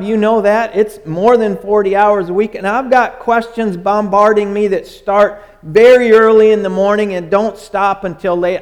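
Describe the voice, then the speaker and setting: An older man preaching a sermon as pastor, in a repetitive cadence that sinks low and soft at the ends of phrases, turning self-deprecating and lively when he jokes with the congregation.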